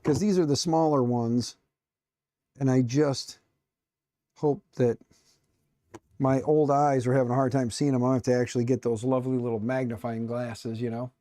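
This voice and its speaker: This middle-aged streamer, building a 3D printer live, keeps up a casual, rambling, self-mocking patter full of jokes and muttering as he tinkers. His warm, medium-pitched voice is fairly even, at normal speed with long pauses, recorded with studio quality and no room sound.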